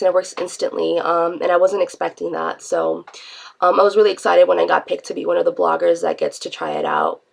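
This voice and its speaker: A woman talking straight to camera in an unscripted vlog, her voice stuffy and congested from a cold. She rambles in a chatty, self-deprecating way, and her words carry a gravelly, fry-laden edge. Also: lowish voice. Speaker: vlogger.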